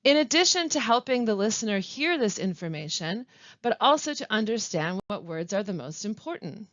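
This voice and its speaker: Lively-pitched woman teaching pronunciation. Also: dry recording. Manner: clear, deliberate teaching delivery with careful pauses. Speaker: language support specialist. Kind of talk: instructional webinar narration. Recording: dull, lo-fi dry voice-over.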